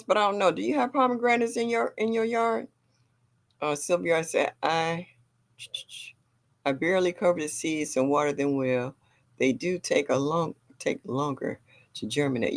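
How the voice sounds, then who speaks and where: A woman's voice: on the low side, normal speed, gravelly, a bit bright. An older woman hosting a gardening livestream, chatting casually and reading viewer comments aloud. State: a little sore.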